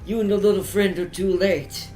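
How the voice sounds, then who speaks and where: A man's voice: high voice, fairly even intonation, normal speed, a little mellow, faint music behind, voice pushed up, lightly acted. A man voicing a gloating male vampire villain with a country drawl, menacing and taunting. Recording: echoey room.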